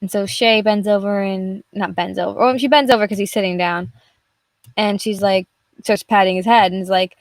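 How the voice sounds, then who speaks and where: A young adult woman streams her drawing and keeps up a casual, rambling chat full of free swearing. She has a mid-range voice with a steady tone and moderate pace, and there's no echo.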